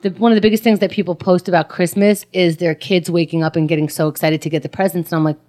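A woman's voice: lowish voice, fairly even intonation, fast, warm tone. A woman guest on a casual podcast, talking hesitantly with many restarts and trailing sentences. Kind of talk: casual chat.

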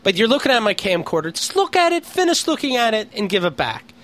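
A man's voice: sits high, big pitch swings, fast, a bit bright. A man from Pennsylvania co-hosting a podcast, telling an exasperated, profane story in casual comedic chat. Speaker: podcast co-host.

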